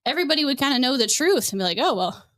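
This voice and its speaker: A woman's voice: high voice, lively intonation, racing, a bit bright. A woman hosting a podcast, ranting in a blunt, profane and sarcastic casual way. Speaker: podcast host.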